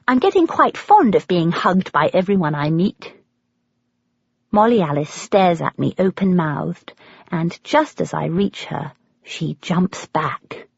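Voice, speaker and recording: An English woman narrates a memoir audiobook in a measured, expressive way, her husky voice moving through a wide pitch range. The recording is dry and a little muffled, with no room sound. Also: dry recording.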